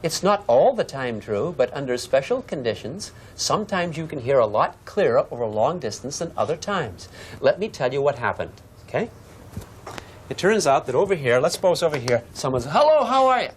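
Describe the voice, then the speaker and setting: A man's voice: mid-range voice, a little fast, a little hiss or hum. A man from Massachusetts teaching a physics lesson, telling stories and chatting with the class as he draws on the board. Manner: animated storyteller, acts out shouted dialogue; chatty, asks the class questions. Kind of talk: classroom lecture with demonstration.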